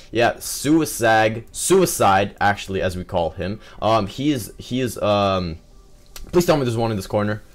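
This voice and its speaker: A young man giving excitable live commentary over his own gameplay, full of exclamations and fillers. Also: lowish voice.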